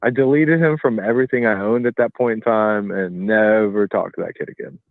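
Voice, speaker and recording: A man's voice: fairly low pitch, brisk, creaky, no echo. A man in his thirties, a caller being interviewed by phone, rambling loosely with lots of filler. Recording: tinny phone line.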